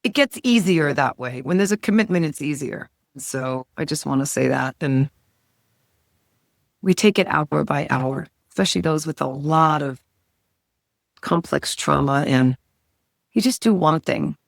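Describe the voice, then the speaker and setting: A middle-aged woman with a lower voice chats as a guest health coach on a podcast. Her talk is enthusiastic and leaps in pitch and volume. The recording is dry with no room echo. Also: expressive, a little slow, creaky. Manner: enthusiastic, big swings in pitch and loudness. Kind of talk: casual podcast interview.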